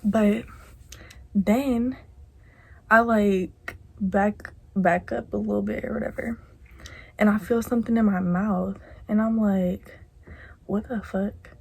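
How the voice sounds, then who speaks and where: A woman vlogger telling a casual storytime in a slow, unhurried drawl. Her voice is gravelly and husky with a dark, mellow tone. She swears freely, says "like" constantly, and slips into soft whispers. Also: medium pitch, steady tone. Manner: slangy, swears a lot, heavy use of "like"; drops into soft whispers at times.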